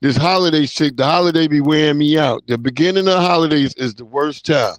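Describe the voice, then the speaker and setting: Man, casual livestream host, loose slangy talk, fairly high voice, dry close mic. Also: fairly quick, dry recording, lo-fi sound. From New York (Long Island). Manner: loose, slangy, reacting to chat comments.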